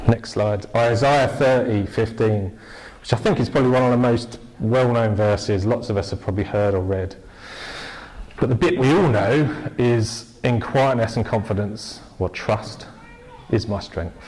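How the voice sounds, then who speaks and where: A man preaching a sermon in a relaxed, conversational way, telling stories with lively bursts and restarts. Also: mid-range voice, poor audio. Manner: conversational, animated storytelling with restarts. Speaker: pastor.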